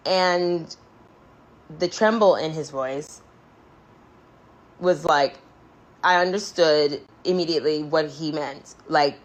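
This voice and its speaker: Low-voiced woman rambling bluntly. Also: slow pace, pauses often, poor audio. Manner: rambling, profane, heavy with filler words; blunt and candid. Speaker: musician on a livestream. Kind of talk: casual monologue.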